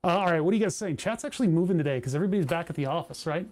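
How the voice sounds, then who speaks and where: A man's voice: on the high side, expressive, racing, a little mellow. A man from Pennsylvania livestreaming, chatting casually and rambling while reading his chat aloud. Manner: rambling, self-deprecating, reads chat aloud. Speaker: streamer.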